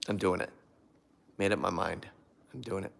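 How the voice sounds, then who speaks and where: A man's voice: deep voice, moderate pace, creaky, fairly bright tone. A man hosting a casual live stream on his phone, chatting and reading viewer comments aloud. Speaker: prank video host.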